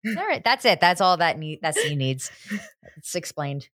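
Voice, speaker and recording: A woman's voice: low-pitched, sing-song, unhurried, fairly bright tone, no echo. A woman co-hosting a casual chat, cracking dry, teasing jokes. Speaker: podcast co-host.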